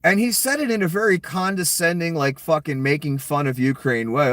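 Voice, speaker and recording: A man's voice: a little high, a little fast, few pauses, a bit bright, no room sound. A middle-aged man delivering an angry political rant to his viewers, sarcastic and mocking, swearing freely. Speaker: political commentary vlogger.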